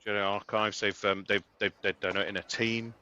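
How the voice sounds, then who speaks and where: Low, bright-voiced podcast man. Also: flat delivery, brisk, dull audio. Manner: thanks sponsors with many fillers and restarts. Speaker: podcast co-host. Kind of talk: casual chat.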